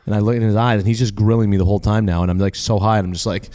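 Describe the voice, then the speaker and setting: A man's voice: lowish voice, steady tone, very fast, dark tone, no room sound. A man talking as a podcast guest in casual chat, rambling through profane, self-deprecating stories.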